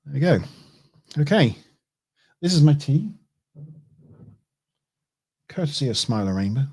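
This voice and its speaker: A man's voice: on the high side, big pitch swings, unhurried, dark tone, slightly rough. A man chatting casually on a livestream as he builds a model kit, thinking aloud, chuckling and correcting himself as he goes. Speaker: streamer.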